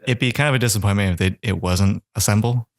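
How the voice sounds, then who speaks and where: A man co-hosting a podcast in casual chat, making quick quips and laughing a lot. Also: on the low side. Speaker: podcast co-host. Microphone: studio mic.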